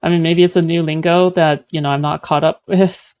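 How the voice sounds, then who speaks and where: A man's voice: on the high side, little pitch movement, a little fast, a little mellow, clear, resonant tone. A man streaming, giving casual commentary on a clip in a rambling, sarcastic way with lots of filler words. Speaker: streamer reacting to clips.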